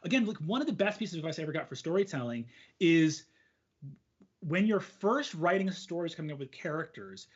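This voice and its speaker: Husky, animated man hosting a chat. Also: on the high side, fairly quick, lo-fi sound. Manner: animated, rambling with many fillers. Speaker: host. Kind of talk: casual conversation on storytelling.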